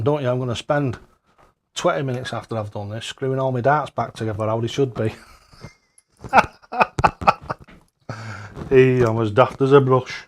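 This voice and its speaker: A man, hosting a casual darts live-stream, chatty and jokey, laughing often and loud when he greets viewers. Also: medium pitch, slight background noise.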